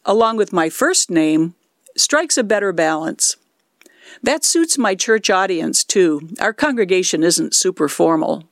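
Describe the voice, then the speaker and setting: Older woman, 60s, alto, clear instructional delivery, dry close recording. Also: medium pitch, no echo. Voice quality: alto speaking voice. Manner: clear, measured, explaining step by step. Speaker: lay worship leader doing puppet ministry. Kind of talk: instructional talk.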